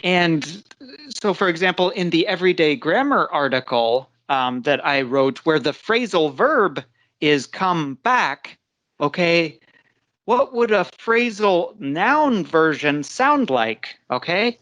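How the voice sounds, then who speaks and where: An English teacher leading a live online class, talking slowly and patiently and often restarting a sentence. The voice sits at an ordinary pitch, and the sound is close and dry with no room around it. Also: lively intonation, fairly bright tone, no echo. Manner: slow, patient explaining with frequent restarts. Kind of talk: live online language lesson.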